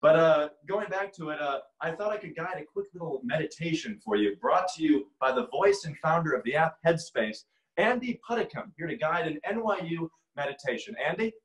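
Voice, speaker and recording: A man's voice: fairly high pitch, expressive, a little fast, roomy sound, rough recording. Young man with a radio-announcer voice. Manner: radio-like announcer voice, dry joking. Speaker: comedian. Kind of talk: stand-up impressions set. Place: at home, filmed by his mother.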